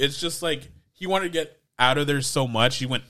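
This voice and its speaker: A man's voice: a little high, very animated, moderate pace, pushed and bright, dry recording. Rambling laughing podcast guy. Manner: rambling, laughs often, acts out quotes. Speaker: podcast co-host. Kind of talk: casual chat.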